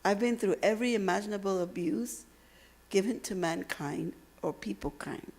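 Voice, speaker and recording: Gravelly woman giving an emphatic motivational speech. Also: mid-range voice, darkish tone. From Texas. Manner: emphatic, dramatic pauses, storytelling. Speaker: motivational speaker. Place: university lecture hall.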